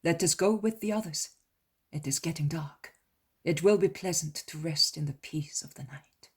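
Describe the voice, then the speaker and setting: A woman reading the part of Jesus, a calm, gentle male teacher, in a soft half-whisper. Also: low voice, normal speed, breathy edge. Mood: reassuring.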